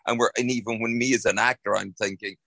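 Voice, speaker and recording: An Irish actor talks casually as an interview guest, rambling and restarting his sentences. His voice is low and gravelly. The sound is dry and close. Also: fairly even intonation, fast, sharp tone, no echo.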